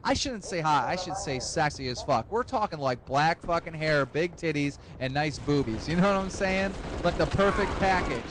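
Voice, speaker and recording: Young guy telling a wild story, swears a lot, high voice. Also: moderate pace, hardly any pauses, crowd noise. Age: young adult. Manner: profane, rambling and excitable. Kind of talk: comic storytelling.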